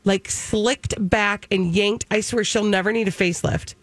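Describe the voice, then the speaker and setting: A woman's voice: mid-range voice, normal speed, no room sound. Chatty woman on morning radio. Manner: chatty, animated storyteller. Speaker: radio co-host.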